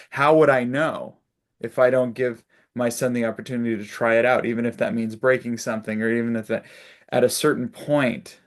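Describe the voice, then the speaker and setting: Guy leading a spiritual zoom chat, tells stories, laughs a lot, mid pitch. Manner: warm storytelling with laughs and acted-out quotes. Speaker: spiritual group facilitator. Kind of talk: casual spiritual talk on a video call. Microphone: video call.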